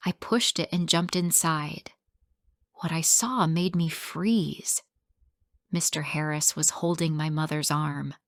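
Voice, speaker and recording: A woman narrating a first-person story in slow, simple, clear sentences for English learners. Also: deep voice, steady tone, no echo, clean studio sound.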